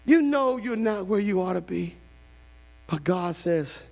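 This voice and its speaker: A man pastor preaching a sermon, shifting from hushed storytelling to shouted calls. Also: sits high, expressive, measured pace, creaky. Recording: long hall reverb.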